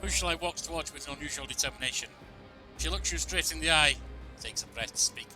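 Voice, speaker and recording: A man's voice: a little high, fast. A man playing a role-playing game, reading its narration and text aloud plainly with small stumbles. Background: game music.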